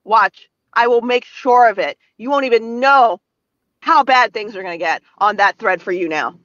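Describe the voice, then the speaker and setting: A woman's voice: fairly high pitch, normal speed, a bit bright, no room sound. A woman ranting furiously and profanely as a guest in a casual stream chat. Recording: dull lo-fi mic.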